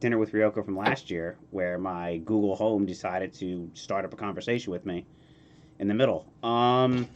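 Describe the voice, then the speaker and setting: Low-voiced man hosting a casual stream. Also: lo-fi sound, slight background noise. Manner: relaxed, halting, reads chat questions. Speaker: podcast host.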